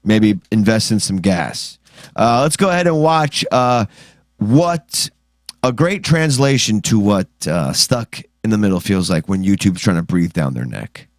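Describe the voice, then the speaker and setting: A man co-hosting a podcast, joking and swearing in energetic, casual banter. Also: lowish voice, a little slow, no room sound, studio quality. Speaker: podcast co-host.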